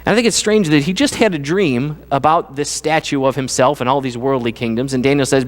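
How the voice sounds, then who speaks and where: A man's voice: medium pitch, brisk, few pauses. A middle-aged man giving a sermon as pastor, talking conversationally and acting out voices. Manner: conversational, animated, acts out quoted voices. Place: church sanctuary. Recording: church sanctuary with long reverb.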